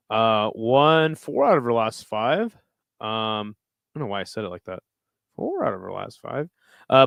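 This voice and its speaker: Man, livestream host, casual fight-pick chat, rambling, swears a lot, smooth clean voice, dry close sound. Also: medium pitch, a bit bright, no room sound. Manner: loose, profane, rambling. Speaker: host reading live chat.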